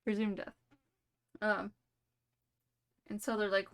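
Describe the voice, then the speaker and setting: A woman's voice: mid-range voice, fairly quick, noisy background. Young woman streamer goofing thru a made-up story, giggly, rambly. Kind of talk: improvised storytelling on a livestream.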